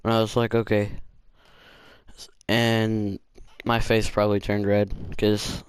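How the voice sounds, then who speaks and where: A man's voice: on the low side, monotone, measured pace, smooth, no echo. A man hosting a channel, telling a casual storytime with rambling, filler-heavy talk. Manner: rambling, with many fillers and restarts. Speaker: gaming channel host.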